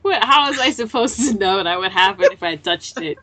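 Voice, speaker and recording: A woman's voice: medium pitch, animated, fairly quick, pushed and bright. A woman in a casual podcast chat, recapping a manga chapter and acting out the characters' lines as she swears casually. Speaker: podcast co-host.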